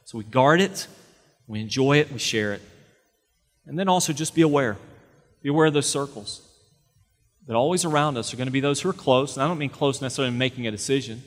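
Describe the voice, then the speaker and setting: A middle-aged male pastor preaches in a relaxed, conversational way, often repeating words before pressing into forceful, emphatic points. His voice sits at an ordinary middle pitch. The sound carries a long reverb, as in a large church sanctuary. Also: fast talker, long pauses. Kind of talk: sermon.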